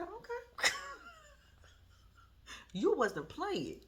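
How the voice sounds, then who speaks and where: Sassy animated woman recapping TV. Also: normal speed, long pauses. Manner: sassy, animated, laughing often, quotes herself in high voice. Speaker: reality TV recap vlogger. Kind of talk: casual commentary.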